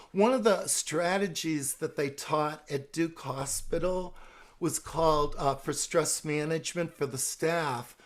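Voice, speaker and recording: A middle-aged man giving a calm, gentle talk on stress management, using examples. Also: on the high side. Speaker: speaker on stress management and palliative care. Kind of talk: educational talk with role-play examples.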